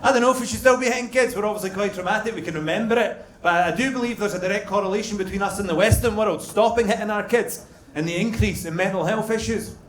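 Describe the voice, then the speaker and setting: A Scottish man performing a crude stand-up comedy set, telling stories deadpan and hitting punchlines loudly. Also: high voice, quick pace, hardly any pauses. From Scotland. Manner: crude, deadpan storytelling with sudden loud punchlines. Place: comedy club stage. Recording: roomy club sound with audience laughter. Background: audience laughter.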